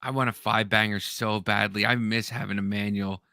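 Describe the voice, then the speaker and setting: A young man hosting a podcast in casual chat, laid-back and swearing often, acting out yelled quotes in stories. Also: on the low side, level tone, normal speed, creaky, clean tone, no room sound, clean studio sound. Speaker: podcast host.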